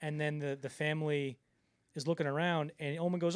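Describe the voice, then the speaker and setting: Fast-talking man with a rambling delivery. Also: a little high, level tone, smooth, no room sound, studio quality. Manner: rambling, filler-heavy, acts out quotes. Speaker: podcast co-host. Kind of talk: casual film podcast chat.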